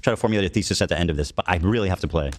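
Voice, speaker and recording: A man's voice: low-pitched, very fast. A man on a podcast, sarcastic and mocking as he banters, heard in a played clip.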